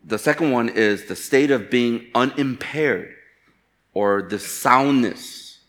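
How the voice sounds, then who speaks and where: A pastor from Chicago preaching a sermon, telling candid personal stories with self-deprecating humor. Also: male voice, mid-range voice, takes it slowly, a bit bright. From Chicago, USA.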